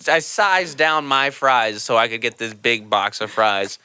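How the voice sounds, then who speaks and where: A man's voice: medium pitch, unhurried, pushed and bright, smooth, no room sound. A young adult man, a comedian guest on a casual podcast, telling rambling, profane stories.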